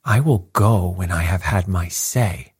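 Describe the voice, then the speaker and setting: A man voicing a fierce, furious old man who snarls and shouts, with a husky voice. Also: low-pitched, unhurried, no room sound, clean studio sound, heavily acted.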